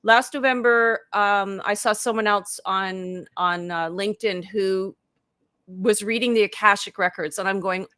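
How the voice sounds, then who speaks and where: A woman's voice: mid-range voice, steady tone, normal speed, pushed and bright, dry recording, clean studio sound. A woman in her fifties, a life coach, telling her story in a casual live interview over a video call, talking chattily with lots of "like" and acting out her own past thoughts. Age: 50s.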